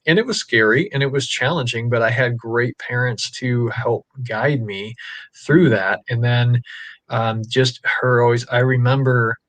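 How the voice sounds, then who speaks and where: A man's voice: mid-range voice, a little slow, no echo. Rambling, chatty man on a dry mic. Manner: rambling, animated storyteller with many fillers. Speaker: podcast guest dad. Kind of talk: casual storytelling chat. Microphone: live stream call.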